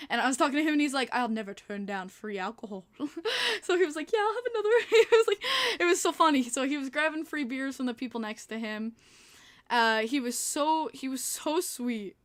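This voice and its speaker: A woman's voice: high-pitched, a bit bright. A young woman from New York hosting a podcast, chatting casually, laughing often and answering her chat. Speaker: podcast host.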